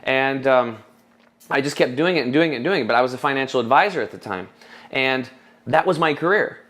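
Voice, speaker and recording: A man in his thirties telling his story in an interview, passionate and quick to act out what people said. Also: mid-range voice, a bit bright. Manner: passionate, restarts often, quotes people in raised voice. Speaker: supplement formulator, guest.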